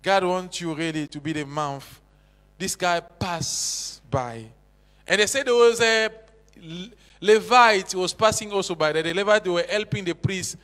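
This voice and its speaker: A man preaching a sermon, with impassioned swings between loud exhortation and hushed intensity. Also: high voice, a little slow. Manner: non-native English with broken grammar. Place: church hall. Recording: echoey church hall.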